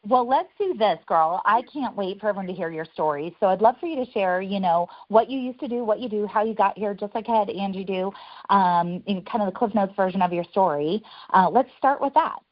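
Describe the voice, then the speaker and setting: A woman's voice: medium pitch, lively intonation, brisk, no room sound. A woman hosting a group call, effusive and gushing as she introduces a guest. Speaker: host. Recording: dull lo-fi call audio.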